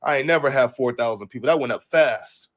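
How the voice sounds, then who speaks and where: Casual young male streamer, mid-pitched, profane and rambling, reads the news aloud and then comments on it. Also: fairly quick. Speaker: livestream host.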